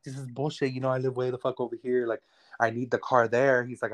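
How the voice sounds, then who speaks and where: A man's voice: medium pitch, fast. A man in his thirties, a guest telling a personal story candidly and profanely, acting out what others said. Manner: candid, profane, quotes others in lively retellings. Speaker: interview guest. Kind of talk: casual storytelling.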